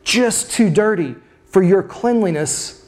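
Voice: medium pitch, expressive, slow pace, darkish tone. A preacher voicing an impetuous male disciple who pleads and then eagerly boasts, in a raised voice during a sermon. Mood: pleading.

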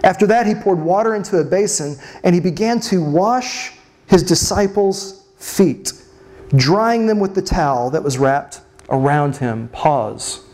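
A preacher giving an expressive sermon at a mid-range pitch. Key words are drawn out slowly for drama, and rhetorical questions are put to the listeners.

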